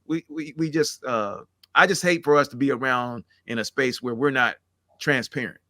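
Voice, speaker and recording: A man's voice: medium pitch, normal speed, bright, forceful tone, no room sound, studio quality. A middle-aged man talking candidly and at length, rambling and acting out the conversations he recounts. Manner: rambling, earnest, acts out quoted exchanges. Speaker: podcast guest.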